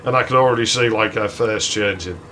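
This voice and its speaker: A man's voice: on the low side, fairly quick, sharp tone, slight background noise. A man, a let's play host telling a long, profane story while he plays. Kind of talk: casual storytelling during gameplay.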